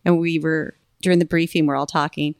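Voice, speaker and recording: Animated gravelly-voiced woman telling a story. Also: low-pitched, fairly quick, no room sound, studio quality. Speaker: flight attendant and podcast host. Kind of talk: casual chat, storytelling.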